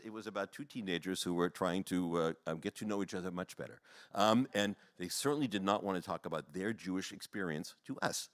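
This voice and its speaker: A man, a rabbi, telling stories to an audience in a rambling, animated way, full of fillers and short laughs. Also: fairly low pitch, no room sound, clean studio sound. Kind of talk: storytelling talk.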